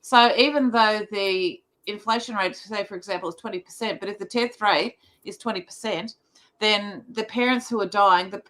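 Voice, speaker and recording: A woman on a livestream panel, explaining her views haltingly with many fillers. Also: mid-range voice, a bit bright, poor audio. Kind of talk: casual livestream chat.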